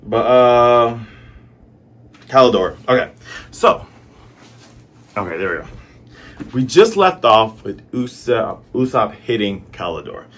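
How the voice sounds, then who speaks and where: A man's voice: mid-range voice, expressive, slow, long pauses, a bit bright, slight background noise. A man from the American South talking through a manga chapter in a chatty, musing way. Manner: chatty, musing, lots of fillers. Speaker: manga reviewer. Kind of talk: casual commentary.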